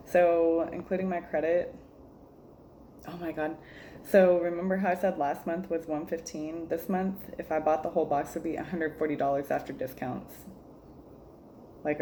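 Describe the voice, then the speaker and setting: A woman's voice: deep voice, warm tone, a little hiss or hum. A woman reviewing a jewelry subscription in a casual vlog, joking, exasperated, laughing often and calling her viewers y'all.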